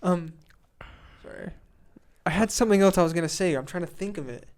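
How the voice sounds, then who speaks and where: A young man co-hosting a podcast, teasing his friends and tacking quick apologies onto his own jokes. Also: high voice, darkish tone. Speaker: podcast co-host. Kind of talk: casual chat.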